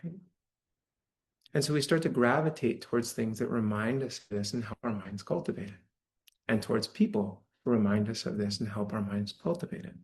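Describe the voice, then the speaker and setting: A man's voice: fairly low pitch, brisk, a little mellow. Conversational male meditation teacher. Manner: conversational, often checks in with "right?". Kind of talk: dharma talk to a live audience. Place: church hall.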